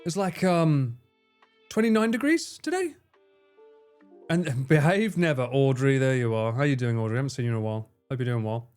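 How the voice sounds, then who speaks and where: This male livestream host talks fast with few pauses, his medium-pitched voice smooth and somewhat dark, while soft music plays behind him. In a casual stream, he reads viewer messages, swearing heavily and poking fun at himself.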